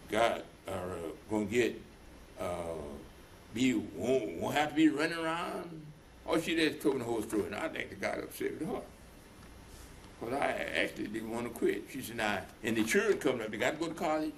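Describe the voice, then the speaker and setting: A man's voice: medium pitch, a little hiss or hum. An older man in an oral history interview, telling stories at length and acting out the voices of the people in them. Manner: rambling, retells dialogue in voices. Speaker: veteran being interviewed.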